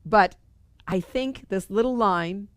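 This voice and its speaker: A woman's voice: mid-range voice, slow pace, clear, resonant tone, no echo, studio quality. A middle-aged woman leading a spiritual study group, talking earnestly and conversationally and repeating phrases for emphasis. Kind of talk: spiritual teaching talk.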